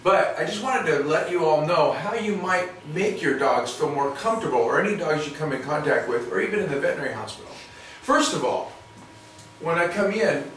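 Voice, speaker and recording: This veterinarian's voice is a little high with a fairly bright tone. He demonstrates and explains things in a folksy, meandering style full of restarts, recorded in a clinic exam room. The sound is roomy and distant, with faint noise.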